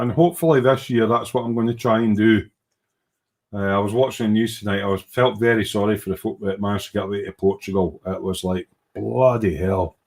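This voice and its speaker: A man hosting a casual livestream about model making. He reads out viewer comments, rambles in a self-deprecating way, uses informal British slang and hums to himself while he clicks around. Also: mid-range voice. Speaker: livestream host and hobby model maker.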